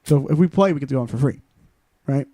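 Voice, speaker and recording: A young man co-hosting a casual chat podcast, speaking in a hesitant, halting way. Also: mid-range voice, dark tone, no echo. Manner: hesitant, halting, many restarts. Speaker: podcast co-host.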